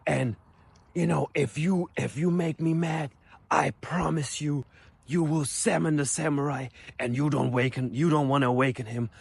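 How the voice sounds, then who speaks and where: A man's voice: a little high, steady tone, normal speed, creaky, a little mellow, husky, no room sound. A man voicing an eccentric male finance professor with a thick Ukrainian accent, rambling and dramatic. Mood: menacing.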